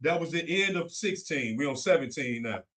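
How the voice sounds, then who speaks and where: A man's voice: fairly high pitch, animated, moderate pace, fairly bright tone. A young man co-hosting a faith talk show, preaching on scripture in a fervent, repetitive, colloquial way. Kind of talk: preaching Bible study talk.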